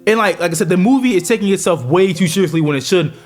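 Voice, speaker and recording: A man's voice: high voice, animated, fast, faint music behind. A man giving a casual movie review vlog, talking in slang and repeating fillers as he rants.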